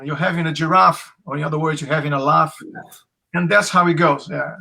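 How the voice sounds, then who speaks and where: Gravelly Essex man, bright voice. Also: fairly high pitch, steady tone, fairly quick, low-quality recording. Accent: Essex English. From England. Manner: chatty, storytelling with acted quotes, frequent restarts. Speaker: Krav Maga instructor, guest. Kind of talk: casual interview over video call.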